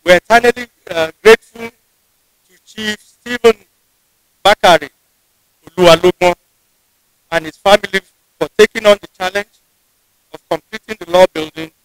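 Nigerian guy giving a formal ceremony speech, pretty high voice, slow deliberate delivery, dry close sound. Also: clean tone, no room sound, soft background music, low-quality recording. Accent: Nigerian English. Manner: measured, deliberate delivery with frequent restarts. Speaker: university official giving a convocation address. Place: ceremony venue.

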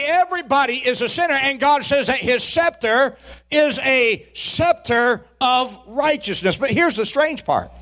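A man with a strikingly high voice preaches in a church sanctuary. He moves between slow, drawn-out emphasis and shouted peaks, calling for responses from the congregation. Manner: folksy, humorous asides to the congregation. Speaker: pastor. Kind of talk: sermon.

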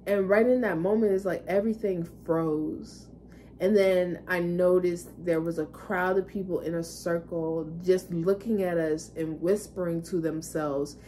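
Candid rambling woman vlogger, low voice. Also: steady tone, a little slow, mellow, a little hiss or hum. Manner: candid, rambling, swears casually. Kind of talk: casual storytelling monologue.

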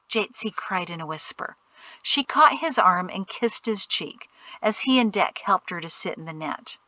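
A woman narrating an audiobook with an even, soft reading that turns hushed at times. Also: fairly low pitch, no room sound. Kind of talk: scripted narration.

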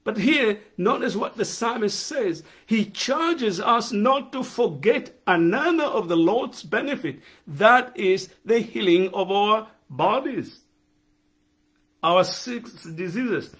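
Slow, high-voiced male preacher. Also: animated, a bit bright. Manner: emphatic, repeats key phrases and asks the congregation questions. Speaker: pastor. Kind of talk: sermon.

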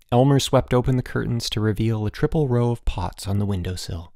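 A man narrating a children's audiobook in an expressive storytelling manner. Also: mid-range voice, a little fast, gravelly, hardly any pauses, dry recording, studio quality.

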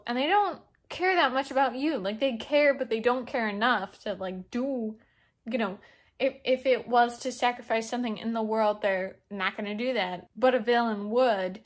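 Chatty young woman reviewing books. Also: on the high side. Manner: chatty, many fillers like "like"; expressive, opinionated. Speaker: book reviewer. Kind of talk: casual book review vlog.

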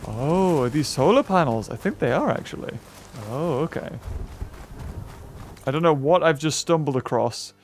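Excitable high-voiced gamer. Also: male voice, normal speed, long pauses, a little hiss or hum. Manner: excitable, chatty, talks to enemies, frequent yelps and laughs. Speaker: gameplay commentator. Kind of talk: let's play commentary. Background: game music.

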